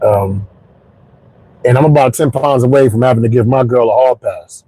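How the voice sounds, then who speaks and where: A man in his forties, a comedian hosting his podcast, telling jokes in a stand-up storytelling monologue with punchy, shouted punchlines, recorded in his car on the drive home. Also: mid-range voice, moderate pace, husky, dry recording, rough recording. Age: 40s.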